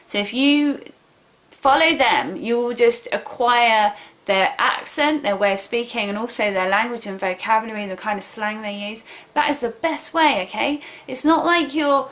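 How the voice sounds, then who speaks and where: A woman from England with a Southern English accent gives a casual video lesson on accents, emphatically repeating her points and checking in with listeners often. Her fairly high, slightly bright voice moves at normal speed with few pauses.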